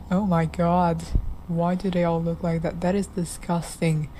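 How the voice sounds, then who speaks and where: A woman's voice: fairly low pitch, fairly even intonation, unhurried, background noise. A woman casually playing a game, reading its text aloud and reacting with giggly, playful disgust. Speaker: gamer. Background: game music.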